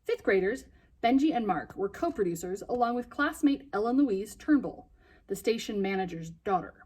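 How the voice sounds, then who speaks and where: A woman reading a children's novel aloud in a lively, expressive way, with a husky voice. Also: mid-range voice, normal speed.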